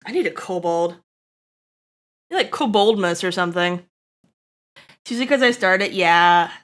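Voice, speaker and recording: A woman streaming live, chatting to her viewers in an excitable, giggly way. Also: fairly low pitch, unhurried. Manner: excitable, giggly, talks straight to chat.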